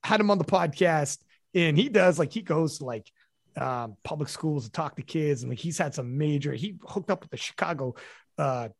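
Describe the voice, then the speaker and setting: A man hosting a podcast in casual chat, telling stories in a profane, animated way. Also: fairly high pitch, moderate pace, gravelly, no room sound, studio quality. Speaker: podcast host.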